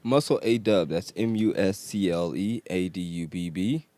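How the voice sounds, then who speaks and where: Deep-voiced laughing male co-host. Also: moderate pace, dark tone, no echo. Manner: rambling, laughs often. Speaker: podcast co-host. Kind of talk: casual chat.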